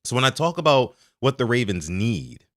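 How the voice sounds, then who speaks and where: A man hosting a sports podcast, talking to his live chat in an animated way and stressing key words. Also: medium pitch, normal speed, no room sound, clean studio sound. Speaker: podcast host.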